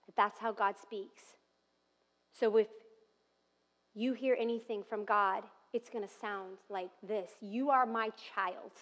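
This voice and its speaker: A woman in her thirties preaching a sermon, telling family stories and dropping to soft, tender tones. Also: medium pitch, steady tone, takes it slowly, long pauses. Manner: warm storytelling with soft tender asides and laughs. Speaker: pastor. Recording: long reverb of a large hall.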